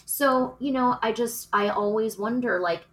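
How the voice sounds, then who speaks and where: A woman in her forties, an actress and producer, telling animated, emotional stories in a casual podcast chat. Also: a little high, measured pace. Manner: chatty storyteller, emotional and animated.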